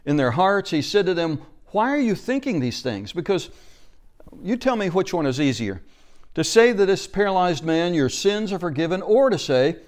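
A man preaches from the pulpit of a church, his voice sitting a little higher than most men's. He tells the story dramatically, swinging between loud, bright lines and low, quiet ones. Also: normal speed. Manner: expressive preaching, acts out quoted voices with big shifts in pitch and loudness. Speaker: pastor. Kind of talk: sermon.

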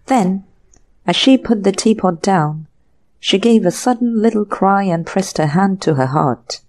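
Woman, audiobook narrator, slow measured reading, mellow tone, mystery tale. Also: medium pitch. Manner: unhurried, acting out each character's lines. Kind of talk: scripted narration.

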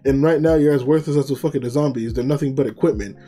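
A man's voice: mid-range voice, fast, dark tone, soft background music, natural voice. A man voicing a greedy bullying boss. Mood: contemptuous. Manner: contemptuous and bullying. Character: greedy, abusive male company boss.

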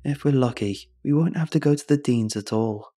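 A man's voice: medium pitch, brisk, dark tone, voice pushed up, close to an everyday voice. A man voicing an earnest, cautious young boy who talks politely and eagerly.

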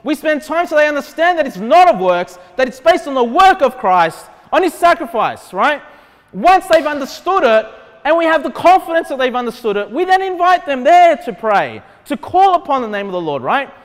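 A man's voice: extremely high pitch, big pitch swings, normal speed. A man with an Australian accent preaching a sermon as pastor, conversational and then emphatic. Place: church hall. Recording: long hall reverb.

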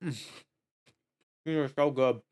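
A man with a clean tone speaks slowly on his casual snack-tasting stream. Excitable, he jumps to high squeals of joy and dismay, then murmurs while he savors.

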